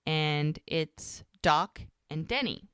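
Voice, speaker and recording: A woman's voice: low-pitched, animated, slow pace, fairly bright tone, clear, resonant tone, dry recording. A woman co-hosting a podcast, animatedly recapping a TV episode in casual chat, acting out lines as she goes. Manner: chatty, with frequent "like" fillers. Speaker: podcast co-host.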